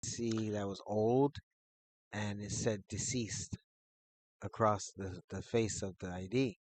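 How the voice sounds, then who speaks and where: A man telling a personal story in a casual, rambling way, full of fillers, who gets animated as he retells it. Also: on the low side, slow, a little hiss or hum. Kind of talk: casual spoken anecdote.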